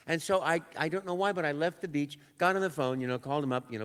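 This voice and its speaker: An older man, a voice actor, telling a lively story on a convention panel and acting out quotes and sound effects. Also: on the high side, rapid-fire, hardly any pauses, smooth, in a large hall. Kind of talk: anecdotal storytelling.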